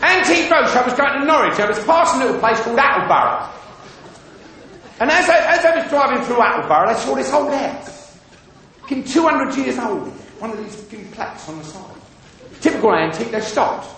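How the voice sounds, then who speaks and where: High-voiced comedian on a booming stage. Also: male voice, sing-song, fairly quick. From England. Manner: bawdy joke-telling, slipping into character voices. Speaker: stand-up comedian. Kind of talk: stand-up comedy routine. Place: live comedy venue. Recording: echoey live venue with loud crowd laughter. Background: audience laughing.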